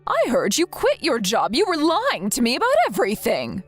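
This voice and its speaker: A woman's voice: a little high, huge pitch swings, normal speed, husky, heavily acted. A woman reading the lines of a worried mother-in-law who scolds her son, in a scripted text-message story. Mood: scolding. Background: faint background music.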